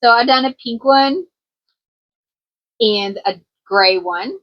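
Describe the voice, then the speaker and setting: A woman with a fairly high, slow voice talks on a muffled recording. She's a small business owner from Kentucky, USA, with a country twang, casually chatting in a show-and-tell craft vlog and rambling a bit with lots of ums.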